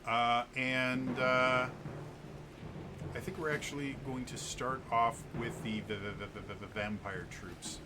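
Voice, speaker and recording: A man's voice: mid-range voice, fairly even intonation, slow pace. Man, game master, tabletop narration, stammers and repeats words, noisy recording. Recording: noisy home mic.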